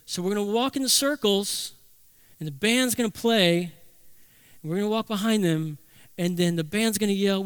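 A man preaching a sermon as pastor, emphatic, slowing down to stress key phrases. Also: sits high, clear, resonant tone, no room sound.

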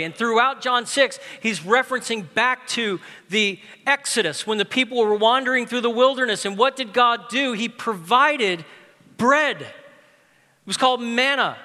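A male pastor giving a lively, conversational sermon with casual asides and humor, recorded in a large reverberant room. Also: very high-pitched. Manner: lively, conversational, uses humor and pop-culture stories.

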